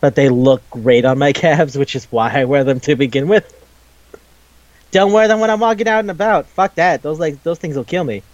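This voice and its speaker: A man with a fairly high voice, chatting casually as co-host of a podcast. He rambles, gets excited easily and swears freely. The recording sounds dry and a little dull. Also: moderate pace, no room sound. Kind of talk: casual chat.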